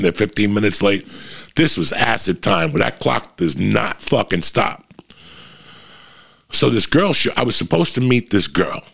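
A man telling a profanity-heavy story in casual talk, jumping up in pitch for emphasis. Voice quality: gravelly and husky. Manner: animated, swears constantly, jumps in pitch for emphasis.

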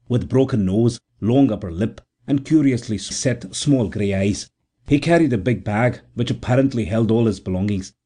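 A man reading a novel aloud as narrator in a measured, unhurried way. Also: mid-range voice, dark tone. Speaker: audiobook narrator. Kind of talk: scripted narration.

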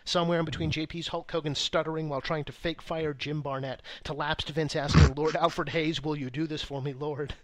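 A man's voice: on the high side, fairly even intonation, brisk, few pauses. A man co-hosting a podcast, reading listener letters aloud in a wry, profane, mock-reverent casual chat. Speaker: podcast co-host.

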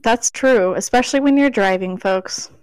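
A woman's voice: a little high, normal speed, clean tone, no echo. A woman co-hosting a podcast, joking around in playful, giggly banter. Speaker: podcast co-host. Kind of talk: casual chat.

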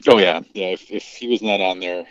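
A man's voice: low-pitched, fairly quick, fairly bright tone, dry recording, dull audio. A man co-hosting a podcast in laid-back casual chat. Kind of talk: casual chat about TV shows.

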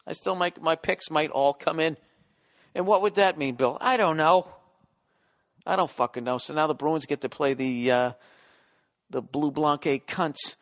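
A man's voice: fairly high pitch, a bit bright. A middle-aged man ranting casually and profanely as a podcast host, sounding exasperated.

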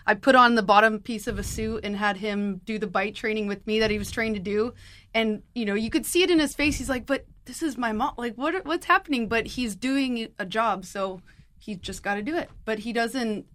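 A woman's voice: mid-range voice, normal speed, fairly bright tone. A woman, a dog trainer, in a casual podcast chat, chiming in briefly and telling short stories from her training work. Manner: chimes in briefly with laughs, then tells stories.

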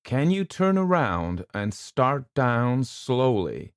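A man reading an audiobook voices a middle-aged doctor urging caution in a slow, measured way. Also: medium pitch, big pitch swings, clear, resonant tone, no room sound, studio quality, voice pushed up. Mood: urgent. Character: calm middle-aged male doctor giving careful instructions.

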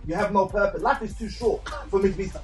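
A man with a high voice lays out his opinions in a blunt, matter-of-fact way during group banter. He sounds a little distant from the mic. Faint music plays behind him. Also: quick pace.

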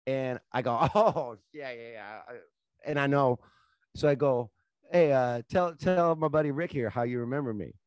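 A man telling loose, profane stories in casual chat, getting loud and laughing as he goes. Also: mid-range voice, normal speed, no room sound. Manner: profane, animated storyteller, laughs at his own stories.

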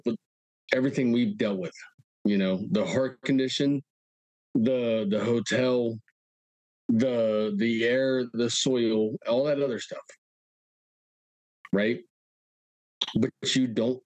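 A man's voice: mid-range voice, darkish tone, dry recording, poor audio. A man speaking as an interview guest in casual talk, earnest, often repeating words as he goes. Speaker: guest, local resident.

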